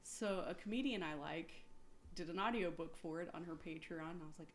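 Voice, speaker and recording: A woman's voice: fairly low pitch, slight background noise. A woman in her thirties, married with kids, recapping episodes in a casual, sarcastic chat full of swearing. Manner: sarcastic, swears freely, quick asides. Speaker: podcast co-host.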